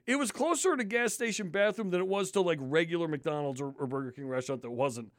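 Brief: male podcast host, slightly high voice, animated profane ranting, dry close mic. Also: quick pace, no echo. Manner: animated, swears constantly, disgusted ranting. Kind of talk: casual profane storytelling.

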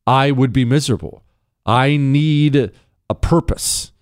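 Male radio show host, smooth voice, close dry mic, blunt emphatic delivery. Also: medium pitch, a little slow, no room sound. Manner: blunt, emphatic, repeats key points. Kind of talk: call-in advice talk show. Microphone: studio microphone.

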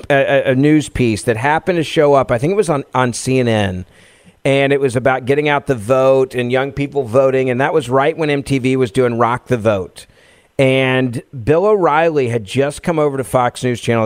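A man in his forties from Tennessee, a radio host telling a personal story as an interview guest, lively and laughing easily. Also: mid-range voice, normal speed, dry recording, studio quality.

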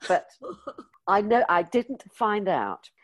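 A woman's voice: medium pitch, slow pace. An older British woman, a former magazine editor, telling stories in an interview and acting out the voices in her anecdotes. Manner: lively anecdotal storyteller, acts out quoted dialogue. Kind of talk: storytelling interview.

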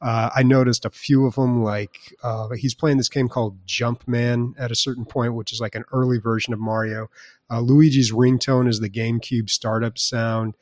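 A man's voice: mid-range voice, flat delivery, normal speed, darkish tone, no room sound. A man co-hosting a podcast in casual chat, rambling with plenty of fillers and restarts. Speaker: podcast co-host.

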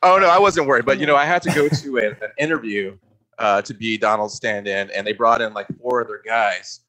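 Bright-toned man telling a halting story. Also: medium pitch, low-quality recording. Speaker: guest, former stand-in. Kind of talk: casual podcast chat.

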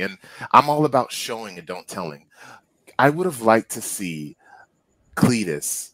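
A man co-hosting a casual movie review podcast, rambling with many fillers and restarts, and getting animated when he is annoyed. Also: fairly low pitch, measured pace, pauses often, no echo. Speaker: podcast co-host.

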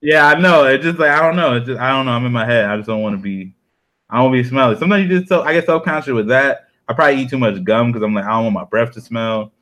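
A man's voice: medium pitch, rapid-fire, fairly bright tone. A young man in casual podcast chat, rambling and self-deprecating, full of slang.

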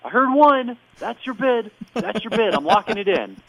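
A man's voice: high voice, big pitch swings, normal speed, creaky, a bit bright, dry recording, pitched above the performer's own voice, exaggerated voice. A man putting on the voice of an unflappable older game-show host, chipper and insistent, on a dull, dry recording. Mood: brisk, dismissive.

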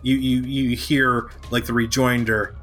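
A man narrating as game master of a tabletop game, halting and full of fillers, now and then shouting short character lines. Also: medium pitch, flat delivery, soft background music.

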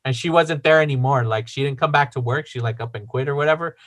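A man's voice: mid-range voice, quick pace. A man hosting a podcast, casually telling a story with lots of swearing and acted-out quotes. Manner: animated, acts out quotes, swears often. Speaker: podcast host.

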